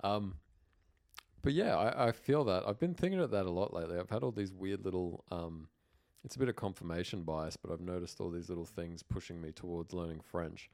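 A man's voice: sits low, a little fast, vocal fry, a little mellow. A man with an Australian accent co-hosting a podcast in casual chat, rambling and full of fillers and restarts. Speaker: podcast co-host.

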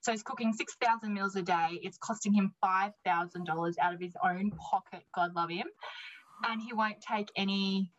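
A woman's voice: mid-range voice, fairly even intonation, normal speed. A young woman animatedly telling a casual story, full of "like" and quoted dialogue. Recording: slightly dull lo-fi recording.

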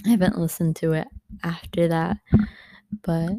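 A young woman talks slowly into a laptop mic at home, her low, mellow voice edged with vocal fry. She rambles casually from topic to topic, full of ums and likes. The sound is close and dry. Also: steady tone, dry recording. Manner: rambling, drifting between topics with many fillers. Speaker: podcast host. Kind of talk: casual solo podcast chat.

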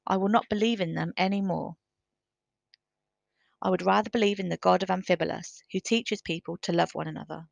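Woman voicing firm young storybook lord, low, dry close sound. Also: steady tone, fairly quick, creaky, dry recording. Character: young male pagan lord, calm and brave.

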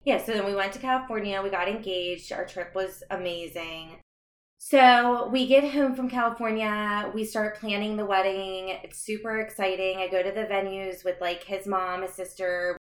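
A young woman guest on a podcast tells her personal story with candor, her mid-range voice fairly even in intonation and moderate in pace. Earnest and reflective, she laughs occasionally between remarks, with roomy echo in the audio.

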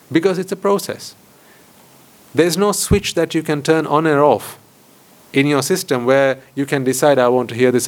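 A man, a Buddhist monk, giving a dharma talk to a lay audience, often asking rhetorical questions and repeating phrases for emphasis. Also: a little high. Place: hall with board.

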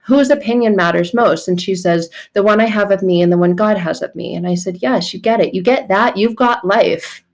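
A woman hosting a faith podcast, talking casually and bluntly, swearing freely and laughing often. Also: lowish voice. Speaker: podcast host.

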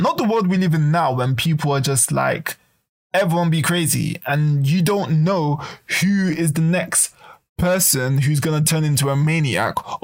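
A man with a gravelly, creaky voice sits a little higher than most men. He talks in a loose, casual rant, swears freely, and acts out what other people might say. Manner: ranting, swearing, animated, acts out quoted voices. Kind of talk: casual monologue to camera.

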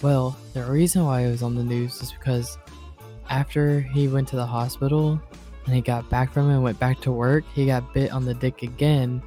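A man's voice: mid-range voice, flat delivery, normal speed, mellow, soft background music. A man telling crude anecdotes in a casual chat, rambling with many hesitations. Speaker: podcast co-host.

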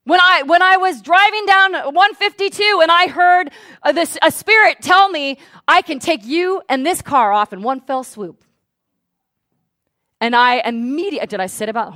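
A woman pastor preaching a sermon. She swings from hushed asides to loud, fervent declarations. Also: sits high, animated, moderate pace, no echo. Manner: speaks in tongues at full volume.

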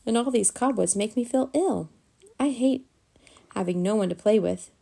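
A woman's voice: on the high side, normal speed, vocal fry, mellow, breathy edge, pitched above the performer's own voice. A woman voicing a timid, gloomy nine-year-old boy vampire who whines and hesitates. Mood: glum.

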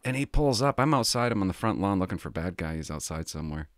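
Lively low-voiced ex-cop rambling. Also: male voice, fast, no room sound, studio quality. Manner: rambling, confiding, laughs often. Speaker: former police officer. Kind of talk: casual monologue podcast.

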